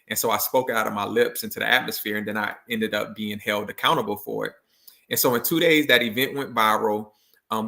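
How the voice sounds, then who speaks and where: In a video interview, a motivational speaker and education consultant tells a story in a lowish, bright, forceful voice with vocal fry. His delivery is loose and full of "like," and he acts out the quotes.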